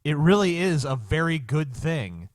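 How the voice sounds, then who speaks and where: Animated, sarcastic podcast host man. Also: on the high side, measured pace, no echo. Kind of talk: casual podcast banter.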